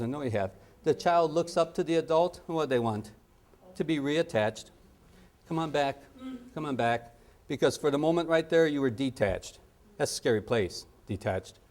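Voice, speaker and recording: A middle-aged man teaching a parenting training session, joking and acting out little scenes as he goes. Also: on the high side. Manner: animated, jokey, acts out little scenes and sound effects. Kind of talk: lively training lecture.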